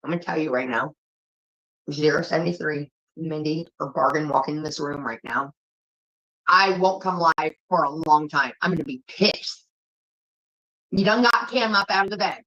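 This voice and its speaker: A woman's voice: low-pitched, moderate pace, sharp tone, low-quality recording. A woman livestreamer ranting angrily at her chat, swearing often and scolding her viewers. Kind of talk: heated livestream rant.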